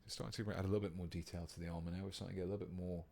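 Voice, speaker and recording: British man, deep low voice, relaxed, chatty, live-stream painting tutorial. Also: racing, creaky. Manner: relaxed and chatty, reading out viewer comments.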